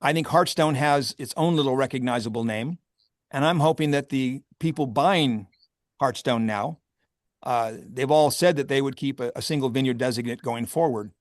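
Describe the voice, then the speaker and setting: A man's voice: medium pitch, normal speed, no echo, clean studio sound. A man who owns a vineyard, talking candidly and with wry humor in a casual interview, often laughing. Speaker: vineyard owner and grape grower.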